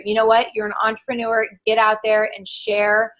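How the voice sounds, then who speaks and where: A woman in her forties, a guest and author, chatting in an interview in an animated, enthusiastic way with lots of filler words. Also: fairly high pitch, normal speed, poor audio. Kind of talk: casual interview chat.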